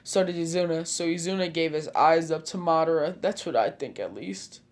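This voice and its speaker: A man's voice: on the high side, moderate pace, lightly acted. A man voicing an earnest, emotional young boy ninja in a fan fiction reading. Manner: earnest, heartfelt.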